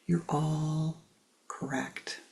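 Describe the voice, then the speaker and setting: A woman voicing a wise, calm owl that gently chides, in a spiritual teaching story. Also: sits low, slight background noise, heavily acted, low-quality recording. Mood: amused, calm. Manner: gently chiding, soft and unhurried.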